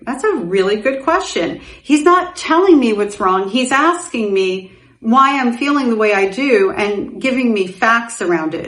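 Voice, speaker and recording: Candid woman telling her story, roomy. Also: mid-range voice. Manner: candid, animated when recalling her mother, laughs through painful memories. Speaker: podcast host. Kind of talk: personal storytelling to camera. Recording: roomy echoing room.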